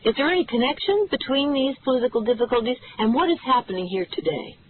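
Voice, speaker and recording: A reader doing a brisk Midwestern woman reporter. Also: high voice, expressive, slightly rough, voice pushed up. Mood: probing. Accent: Midwestern American. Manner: brisk, probing questions. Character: poised female reporter with a Midwestern accent. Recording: tinny phone-like audio.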